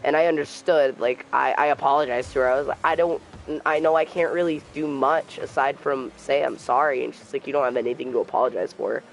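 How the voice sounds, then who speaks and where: A young man streaming a game, telling a personal story in a soft, halting voice and trash-talking the game now and then. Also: mid-range voice, steady tone, creaky, a little hiss or hum, poor audio. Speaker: gamer streamer. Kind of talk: casual storytelling while gaming.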